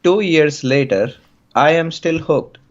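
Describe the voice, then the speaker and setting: A man voicing a young male student with an Indian accent, reading written interview answers slowly and deliberately over a dull lo-fi mic. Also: on the high side. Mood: earnest.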